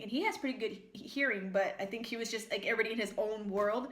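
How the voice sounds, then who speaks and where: A woman's voice: on the high side, lively intonation, fast talker, hardly any pauses, a bit bright. A young American woman vlogging at home, eating and chatting in a rambling, filler-heavy storytelling way. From United States. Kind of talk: casual mukbang chat while eating. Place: at home, in the kitchen. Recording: echoey room.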